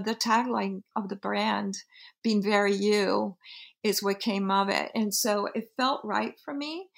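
Reflective Peruvian-born woman, slightly gravelly. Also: medium pitch, fairly bright tone. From Peru. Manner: reflective, halting, with many restarts and fillers. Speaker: brand founder. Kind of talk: interview, telling her brand story.

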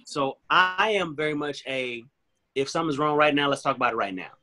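A man speaks with earnest, animated conviction, slipping into other voices to replay both sides of an argument. His tone is bright and forward and sits a bit high for a man. He sounds like a guest on a remote call. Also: a little fast. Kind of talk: candid interview talk.

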